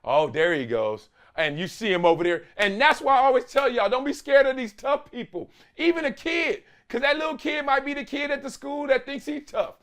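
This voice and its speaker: A man hosting a sports commentary show, talking in an animated, emphatic, slangy way and stretching words for stress. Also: very high voice, moderate pace, hardly any pauses. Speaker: host.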